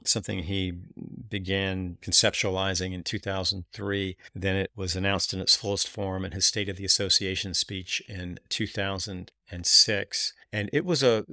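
A man's voice: fairly low pitch, a bit bright, no echo, clean studio sound. A man hosting a podcast, giving earnest analytical commentary that builds in emphasis, with occasional restarts. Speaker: podcast host.

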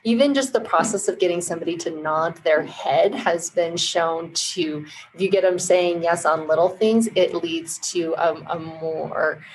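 A woman with a fairly low voice, speaking as an interview guest. She explains her points in a measured, teacherly way and builds them from concrete examples. A faint noise sits under her voice. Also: rough recording. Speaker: marketing agency founder, guest. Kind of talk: casual interview chat.

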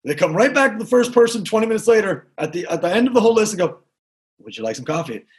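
A man with a high voice delivering an energetic motivational talk to salespeople. He repeats his key lines for emphasis and keeps asking the crowd questions. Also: very fast. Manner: energetic, repetitive, talks to the crowd. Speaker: sales trainer.

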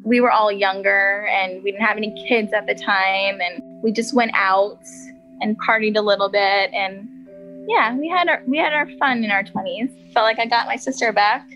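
Woman talking about her sister in an interview, bright voice, says like a lot, music in the back. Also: mid-range voice, fairly even intonation, normal speed, dull audio. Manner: chatty, heavy use of "like". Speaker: interviewee, victim's half-sister. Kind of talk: documentary interview.

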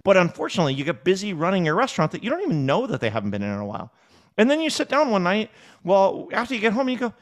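A man talking as a guest on a podcast, animated and repeating words as he acts out little conversations. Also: high voice, quick pace. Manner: animated storyteller, acts out dialogue, frequent word repeats. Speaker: podcast guest, restaurant technology executive. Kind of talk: casual interview talk.

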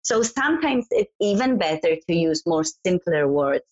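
A woman speaking in a notably low voice, sharing earnest advice in a relaxed interview chat. The audio is dull and lo-fi, as over a remote call. She laughs easily between points. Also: moderate pace. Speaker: guest, events business founder.

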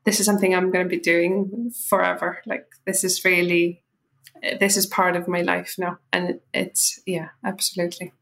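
Low, flat-toned woman with blended accent. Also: normal speed, vocal fry, poor audio. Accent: Icelandic, with Irish and English influences. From Iceland. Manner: relaxed, with filler words and restarts. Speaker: podcast guest. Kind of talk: casual interview chat.

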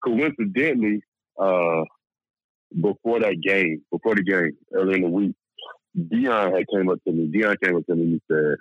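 A former football player as an interview guest, telling stories in a laid-back, profane way. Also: male voice, sits low, normal speed, no echo, highs cut off. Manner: laid-back storytelling, swears freely, says "man" a lot. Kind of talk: casual interview chat.

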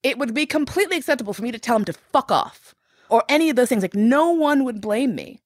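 A woman telling personal stories as an interview guest, reflective and frank, growing animated as she retells events. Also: a little high, quick pace, no echo. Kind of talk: candid personal storytelling.

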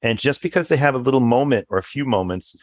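A man's voice: medium pitch, expressive, quick pace, dry recording, clean studio sound. A man co-hosting a podcast, chatting casually in an easygoing, agreeable way. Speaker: podcast co-host.

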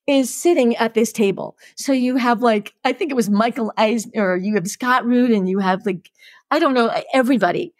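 A middle-aged woman, a podcast guest telling stories with lively energy and acting out the voices in them. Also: medium pitch, a little fast, no echo, clean studio sound. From New York. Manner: lively, acts out the voices in her stories, laughs often. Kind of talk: animated storytelling.

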